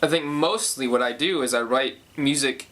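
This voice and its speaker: Talking through his songwriting process in a casual way, a young man thinks out loud and fixes his own statements as he goes. He speaks at a moderate pace in a mid-range, slightly bright voice, with a little hiss or hum on the recording.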